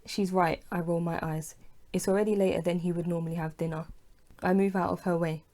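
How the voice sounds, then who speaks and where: A woman narrating her own novel as an audiobook, in a lowish, warm voice. She reads steadily in the first person, giving the lines a little feeling. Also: a little fast. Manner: plain, steady reading, dialogue voiced with mild feeling.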